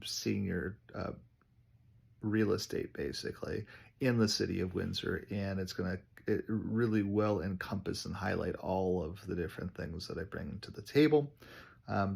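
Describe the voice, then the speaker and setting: A man, a realtor, chatting through a casual vlog update, telling stories with lots of ums. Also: fairly low pitch. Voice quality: gravelly, husky. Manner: chatty storytelling with many ums.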